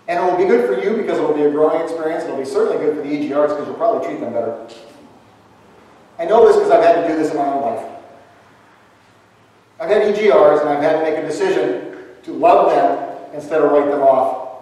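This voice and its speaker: A male pastor preaches a conversational, humorous sermon, often turning questions to the congregation. His voice sits fairly high for a man. It is heard from afar in a large, echoey church with a long reverb. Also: fairly quick, long pauses, dark tone. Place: church sanctuary. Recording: echoey church hall from far off.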